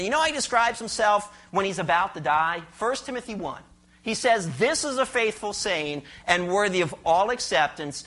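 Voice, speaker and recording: A pastor delivering a sermon in a bright, forceful voice. The delivery is emphatic and full of rhetorical questions put to the listeners, and scripture is read aloud with slow, deliberate stress. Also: mid-range voice.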